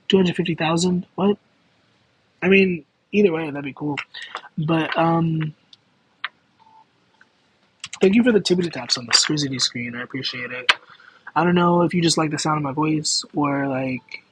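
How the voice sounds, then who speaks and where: A man's voice: fairly high pitch, slight background noise, low-quality recording. A man chatting casually on a livestream as a tarot card reader, rambling and restarting his sentences with lots of fillers and giggles. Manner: rambling and self-interrupting, with many fillers and giggles. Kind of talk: casual livestream chat with viewers.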